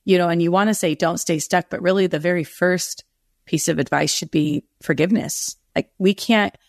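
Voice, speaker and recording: A woman's voice: fairly low pitch, steady tone, moderate pace, gravelly, dry recording, clean studio sound. A middle-aged woman speaking as a guest author in a podcast interview, earnest and rambling, often correcting herself.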